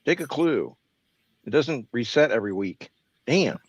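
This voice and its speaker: A man's voice: medium pitch, animated, a little slow, slightly rough, no echo. A man co-hosting a livestream in casual chat, sarcastic and jokey, swearing freely. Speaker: co-host on a livestream.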